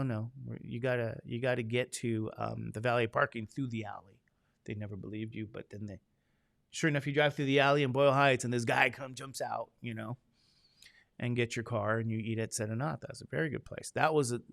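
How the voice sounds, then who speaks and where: Gravelly chatty man teaching. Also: medium pitch, fairly bright tone, dry recording, studio quality. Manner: chatty, joking storyteller, acts out quoted voices. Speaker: statistics instructor. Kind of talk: casual chat with a class.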